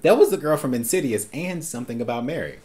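A man's voice: medium pitch, expressive, fast, a little mellow. A man hosting a first-time movie reaction, making jokey, wisecracking asides. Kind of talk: casual reaction commentary.

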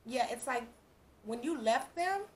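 A woman's voice: fairly high pitch, lively intonation, a little slow, slight background noise. Chatty woman giving a tarot reading. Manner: chatty, laughs often, quotes imagined speech. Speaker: tarot reader.

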